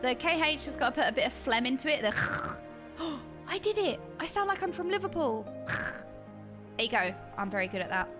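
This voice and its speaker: A woman's voice: sits high, sing-song, fast, music in the background. A woman streaming a game, chatting casually with her viewers and reading their messages aloud. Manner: chatty, reads chat messages aloud, laughs often.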